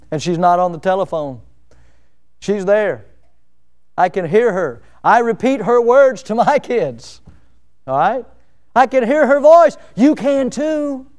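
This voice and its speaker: A male pastor preaching a sermon, building to emphatic peaks and then dropping to soft, quiet lines. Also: on the high side, clean tone.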